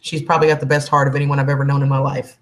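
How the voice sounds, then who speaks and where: A woman's voice: a bass voice, little pitch movement, very fast. Chatty woman on a livestream. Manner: chatty and affectionate, calls viewers honey. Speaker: livestream host. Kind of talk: casual livestream chat with viewers.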